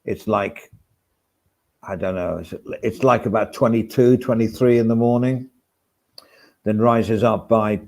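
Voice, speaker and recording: A man's voice: lowish voice, steady tone, a little slow, creaky, pauses often, a little mellow. A man hosting a casual vlog, rambling along with wry asides. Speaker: vlog host. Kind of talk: casual chat to camera. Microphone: swaps between mics.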